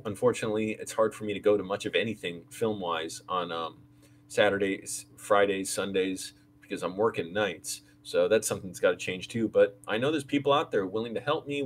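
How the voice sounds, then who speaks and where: A man's voice: on the low side, slight background noise. A young man talking casually and candidly to viewers on a vlog, rambling with restarts as he rants about landlords and roommates. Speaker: vlogger, creative director of the channel. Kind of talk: casual live-stream chat.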